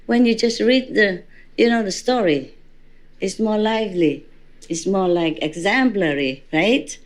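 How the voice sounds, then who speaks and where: A woman's voice: mid-range voice, a little slow. A woman spiritual teacher giving an informal dharma talk to a gathering, chatty and teasing, laughing often.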